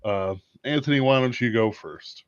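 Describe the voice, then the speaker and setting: A man hosting a casual livestream in a relaxed tone. His voice is mid-pitched and comes through dull and lo-fi, with a dry, close sound and no room echo. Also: normal speed, smooth. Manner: relaxed, introduces topics and hands over. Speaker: livestream host.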